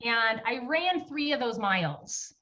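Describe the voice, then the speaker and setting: A woman guest on a podcast telling her story in an earnest, relaxed, conversational way. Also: on the high side, unhurried. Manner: recounts events by acting out dialogue. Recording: distant, dull lo-fi mic.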